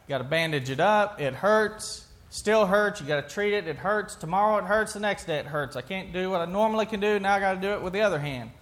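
High-voiced pastor preaching conversationally. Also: male voice, fast talker, hardly any pauses, fairly bright tone. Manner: conversational, asks the congregation questions, restarts sentences. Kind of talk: sermon.

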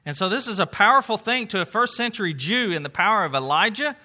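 A man with a high, piercingly bright voice teaches scripture in a conversational sermon. He talks earnestly, leaning on words of wonder, and often stops to restart a phrase or fill a pause. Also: animated. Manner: earnest, with frequent fillers and restarts, emphatic exclamations. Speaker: Bible teacher.

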